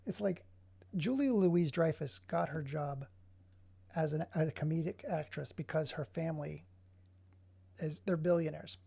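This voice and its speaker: A man's voice: a little high, normal speed, creaky, pauses often, mellow, slightly rough. A man casually commenting on his digital art work, drifting into sarcastic, rambling rants. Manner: rambling, sarcastic ranting asides. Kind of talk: casual running commentary while working.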